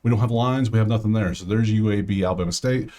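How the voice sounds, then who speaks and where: Low-voiced man musing over betting picks. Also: fast talker, mellow. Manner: thinks aloud, many fillers and restarts. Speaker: sports betting host. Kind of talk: casual solo commentary.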